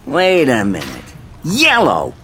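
An actor playing a fretful, worried male candy mascot in an animated ad. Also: medium pitch, full character voice. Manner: fretful, quick to alarm. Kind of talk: animated ad acting.

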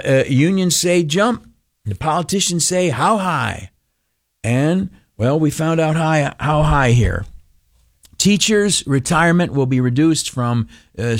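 A man hosting a talk radio show, telling a rambling, folksy story with lots of fillers and acted-out voices. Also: on the high side. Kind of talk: casual talk radio monologue.

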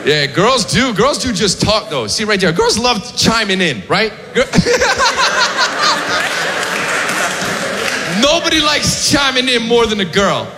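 High-voiced man doing crowd work in a hall. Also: very animated, slow pace, long pauses. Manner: casual, banters with the audience. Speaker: stand-up comedian. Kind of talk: stand-up comedy with crowd work. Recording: live hall with loud crowd and noise.

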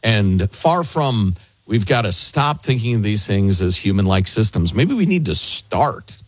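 A man from the Chicago area hosting a talk radio show, delivering commentary and ad reads in a forceful, conversational way. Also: fairly low pitch, very animated, unhurried, no room sound. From Chicago area, United States.

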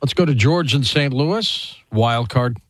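Radio host guy, bouncy lively delivery, dry close mic, keeps the calls moving. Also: medium pitch, no room sound. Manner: brisk, friendly, takes calls. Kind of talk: call-in radio hosting.

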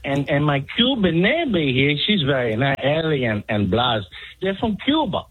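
A man's voice: a little high, sing-song, normal speed, slightly rough, narrow, tinny audio, voice pushed down. A man voicing a chatty, rambling fellow with a put-on Spanish accent and broken grammar. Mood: folksy.

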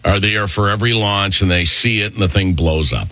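A man's voice: fairly low pitch, fairly quick, sharp tone, no room sound. A man hosting casual morning radio chat, joking and bantering with a guest.

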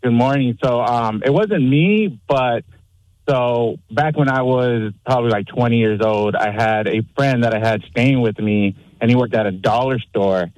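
A man's voice: medium pitch, normal speed, darkish tone, no room sound, poor audio. A man calling into a radio show, telling a story in an easygoing, matter-of-fact way. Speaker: caller. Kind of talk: phone-in storytelling.

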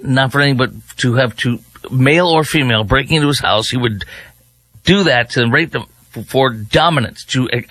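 A man's voice: mid-range voice, sharp tone, no room sound. A man filling in as a radio talk show host, giving a sarcastic, rambling, opinionated monologue into a studio microphone.

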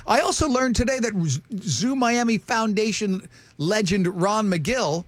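A man's voice: high voice, animated, a little slow, no room sound. A middle-aged man hosting a radio talk show, joking and bantering with his co-hosts. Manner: joking, does mocking voices of others. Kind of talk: casual banter.

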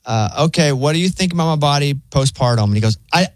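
A man's voice: a little high, expressive, fast, no room sound. A man hosting casual studio banter, telling stories and mimicking other people's voices.

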